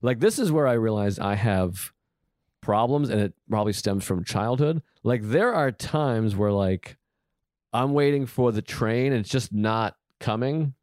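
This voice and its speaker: A man's voice: on the low side, unhurried, darkish tone, no echo. Candid rambling man, dry close sound. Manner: candid, rambling, self-deprecating. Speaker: podcast host. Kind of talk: casual conversational chat.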